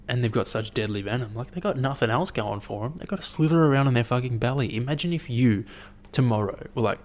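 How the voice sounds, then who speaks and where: A young man hosting his own podcast, chatting in a rambling, profane, animated way as he tells stories. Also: medium pitch, fast, few pauses. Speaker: podcast host. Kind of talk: casual solo podcast chat.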